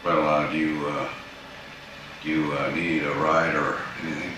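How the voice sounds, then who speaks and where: A man's voice: extremely low pitch, level tone, normal speed. An actor playing a hesitant, shy middle-aged male employer who stammers with many fillers, in a film scene. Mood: awkward. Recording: film scene with music behind.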